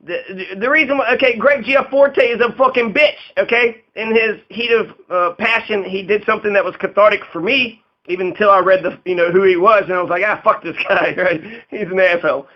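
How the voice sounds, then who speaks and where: High-voiced rambling profane man. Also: brisk, few pauses. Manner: rambling, profane, laughing, acts out quotes in a raised voice. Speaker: political commentator. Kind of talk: casual political commentary. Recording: dull lo-fi audio.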